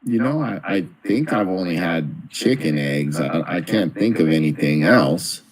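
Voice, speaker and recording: A man's voice: low-pitched, animated, a little slow. A man co-hosting a casual live stream, telling stories in an easygoing way. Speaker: co-host of a toy live stream.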